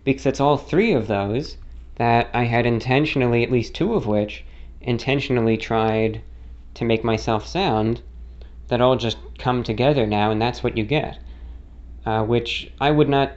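Young man, mid-Atlantic-style accent with New York and non-rhotic traces, rambling casual YouTube talk, mid-pitched, slightly dull audio. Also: moderate pace, darkish tone. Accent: mid-Atlantic blend with non-rhotic and New York traits. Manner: rambling, many fillers and self-corrections. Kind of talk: casual spoken monologue.

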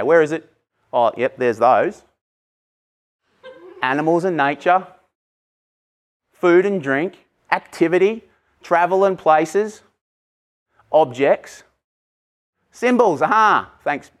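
A man preaching an Easter sermon in a church, passionate and conversational, breaking off into casual asides. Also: a little high. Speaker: pastor.

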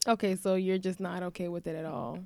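A young woman co-hosting a casual podcast, telling an animated story and acting out the people in it. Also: on the low side, brisk, creaky, dry recording. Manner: animated, imitates people in her stories, swears casually. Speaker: podcast co-host.

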